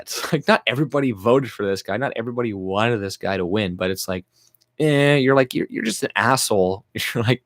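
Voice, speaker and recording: A man's voice: mid-range voice, brisk, dry recording, studio quality. A man hosting a casual livestream rant, talking bluntly, swearing and laughing often. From Canada. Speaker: livestream host.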